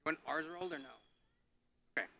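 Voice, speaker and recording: A man casually checking name pronunciations with students, friendly and brisk, with short questions and reassurances. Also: fairly high pitch, lively intonation, gravelly, pushed and bright. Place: graduation ceremony, near the stage.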